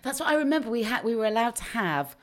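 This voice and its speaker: A woman hosting a casual interview, chatty and quick to react to her guest. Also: a little high, sing-song. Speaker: interviewer host. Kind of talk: casual chat.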